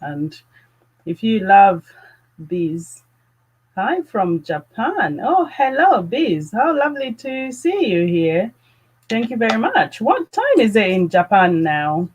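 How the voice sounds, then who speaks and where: A woman chats live about perfumes at an unhurried pace, her voice sitting in a middle pitch. She gushes and exclaims over each bottle and greets her viewers one by one. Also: a little hiss or hum, low-quality recording. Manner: gushing, excitable, greets viewers by name. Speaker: fragrance channel host. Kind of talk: live-stream fragrance chat.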